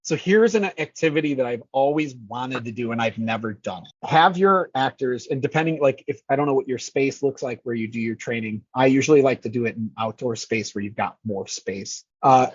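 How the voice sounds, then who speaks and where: A man's voice: mid-range voice, fairly quick, hardly any pauses, slightly rough, no echo, highs cut off. A man who manages scare actors, talking casually and energetically in an interview, swearing freely and acting out lines.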